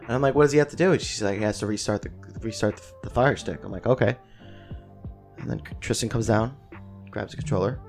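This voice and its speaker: A young male podcast co-host tells a family story in casual chat, animated and swearing a lot as he acts out what relatives said. His voice is fairly low, a little fast and creaky, with soft music in the background.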